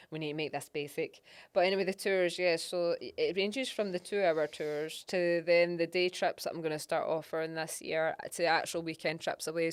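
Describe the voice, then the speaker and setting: A young Scottish woman hosting a casual podcast chat, talking in an animated storytelling way with frequent laughter. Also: fairly low pitch, clean tone, no room sound. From Scotland. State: pregnant. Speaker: podcast host and geologist.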